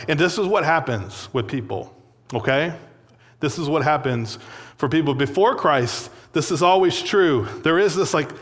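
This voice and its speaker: A man's voice: a little high, animated, moderate pace, fairly bright tone. A young man giving a sermon, telling a personal story in a loose, conversational way full of fillers and little laughs. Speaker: pastor. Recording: long hall reverb.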